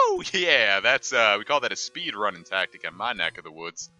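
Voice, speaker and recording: Sharp-voiced, rambling joking male streamer. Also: on the low side, sing-song, normal speed, hardly any pauses, dull audio, faint music behind. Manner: joking, rambling asides with many fillers. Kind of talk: casual gameplay commentary.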